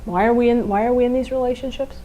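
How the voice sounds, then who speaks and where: Talking fast in a voice on the high side, a woman co-hosting a podcast explains relationship communication conversationally. She often asks rhetorical questions and animatedly acts out what partners say, raising her voice for them. The audio is dull.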